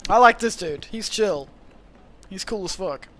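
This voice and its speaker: A young man streaming a game, commenting casually and excitably, laughing often. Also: sits high, unhurried, slight background noise.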